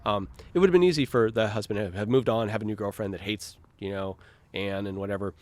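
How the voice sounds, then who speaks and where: Casting note: man, slightly low voice, film director talking over his own movie, rambling and keen. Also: fast, no echo. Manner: rambling, enthusiastic, many fillers and restarts. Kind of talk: director's commentary, casual chat.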